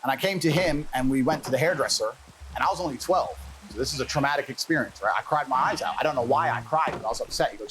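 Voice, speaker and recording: A man telling a personal story as an interview guest in a fast, casual, profane way. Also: mid-range voice, fairly bright tone, a little hiss or hum, low-quality recording.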